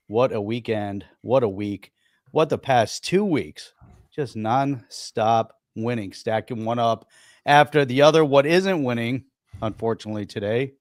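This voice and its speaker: An upbeat man hosts a casual live stream, joking and tossing in quick asides. His voice is mid-pitched and sounds close and dry, with hardly any room around it. His talk is loose and chatty. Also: no echo. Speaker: host.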